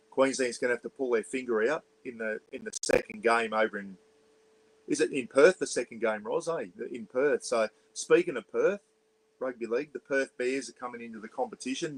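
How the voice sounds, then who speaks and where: A man's voice: mid-range voice, low-quality recording. Rambling Australian man livestreaming from a caravan. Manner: rambling, chatty, greets viewers and reads comments aloud; keeps voice down for neighbours. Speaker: livestream host. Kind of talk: casual livestream chat. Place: small caravan, indoors. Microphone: iPad.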